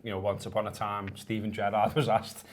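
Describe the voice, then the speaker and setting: A man's voice: on the low side, little pitch movement, brisk, slight background noise. Jokey middle-aged man. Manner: jokey, teasing, playful. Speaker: podcast host. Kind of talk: casual football chat.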